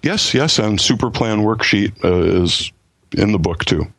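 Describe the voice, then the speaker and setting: A man's voice: on the low side, lively intonation, a little slow, a bit bright, dry recording. A man talking as a guest author on a podcast, enthusiastic and full of stammering restarts. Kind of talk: casual podcast chat.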